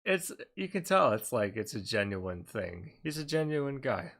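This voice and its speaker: A man on a live stream talks loosely, mocking and rambling as he reacts. His voice is bright and sits at an ordinary pitch. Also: very animated, measured pace, gravelly. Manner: sarcastic, rambling, laughs often. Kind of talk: casual live-stream commentary.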